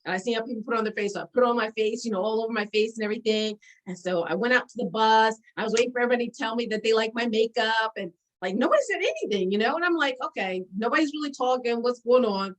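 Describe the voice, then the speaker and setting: Animated storytelling woman, a bit high. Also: racing, few pauses, poor audio. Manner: animated, laughing storyteller with many fillers. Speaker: guest sharing memories. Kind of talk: casual storytelling conversation.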